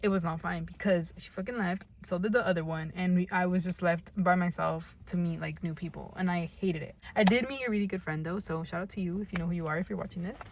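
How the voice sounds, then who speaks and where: A woman's voice: lowish voice, quick pace, few pauses, a little hiss or hum. A young woman from California co-hosting a podcast, telling a story in casual chat. She swears freely, leans on "like," and acts out her own past lines. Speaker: podcast co-host.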